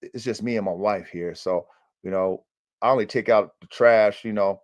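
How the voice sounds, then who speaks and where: A man's voice: fairly low pitch, moderate pace. Profane, slangy man hosting a podcast. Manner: profane, slangy and animated, with many fillers like "you know what I'm saying". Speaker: podcast host, dog breeder. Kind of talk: casual storytelling on a livestream podcast. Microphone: livestream mic.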